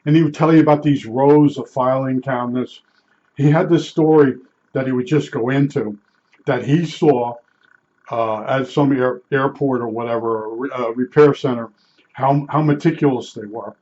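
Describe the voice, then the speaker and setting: A man's voice: mid-range voice, fairly even intonation, normal speed, dark tone, dull audio. An older man from New Jersey telling rambling, blunt stories from his working life, with lots of restarts and salty asides. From Newark, New Jersey. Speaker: vlogger recalling his work as a meter calibrator. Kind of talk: rambling casual storytelling.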